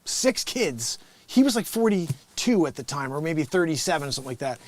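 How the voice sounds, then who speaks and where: A man's voice: fairly high pitch, very animated, normal speed. A man hosting a livestream, chatting casually and jokingly about a Bible reading, laughing often. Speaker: livestream host.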